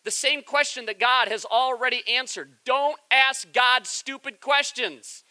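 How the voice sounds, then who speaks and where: Bright, high-voiced man preaching a sermon. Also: measured pace, clear, resonant tone. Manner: conversational storytelling with humor. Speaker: pastor.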